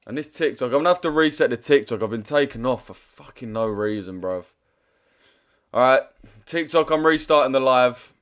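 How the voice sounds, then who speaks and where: A man's voice: mid-range voice, animated. Slangy man streaming live. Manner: blunt, slangy, heavy swearing; talks fast in bursts, with restless restarts. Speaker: trading livestreamer. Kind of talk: casual livestream chat to viewers.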